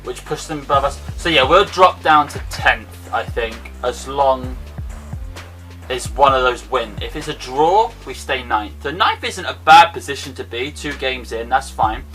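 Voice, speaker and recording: A young man with an excitable, self-mocking manner, commentating his own football video game match. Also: mid-range voice, unhurried, recorded from a distance, soft background music. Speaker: gaming YouTuber. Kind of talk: casual gameplay commentary.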